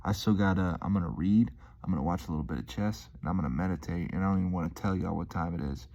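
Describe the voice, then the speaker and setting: Talking fast in a low-pitched, dark voice, a young vlogger rambles casually for his viewers. He's slangy and easygoing, meandering with lots of filler.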